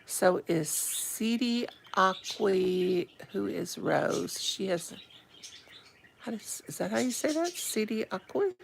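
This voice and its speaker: A woman in her fifties, a little hoarse, chatting live to viewers from her phone at home and greeting them with pet names. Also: mid-range voice, expressive, slow pace, a little hiss or hum. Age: 50s. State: a bit hoarse. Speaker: live-stream host. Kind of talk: casual live-stream chat with viewers. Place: home, indoors.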